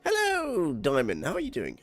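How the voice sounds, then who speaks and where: A man's voice: on the low side, animated, normal speed, soft background music. A man with a German accent reading game dialogue aloud on a stream, tripping over words and swearing when annoyed.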